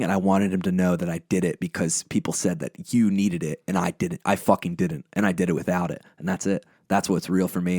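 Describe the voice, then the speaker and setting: A man's voice: sits low, darkish tone, no echo, clean studio sound. A young man, a podcast guest, talking bluntly and intensely in casual conversation, swearing heavily as he tells personal stories. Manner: blunt, heavy swearing, intense emotional storytelling. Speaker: podcast guest, band lead singer.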